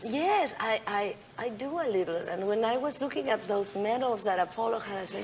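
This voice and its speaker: A woman's voice: medium pitch, normal speed, hardly any pauses, over a noisy crowd, heavy background noise. A woman with a Mexican accent, chatting as a talk-show guest and telling stories with lots of laughter. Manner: laughing, animated storytelling. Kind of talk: casual talk-show chat. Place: TV studio.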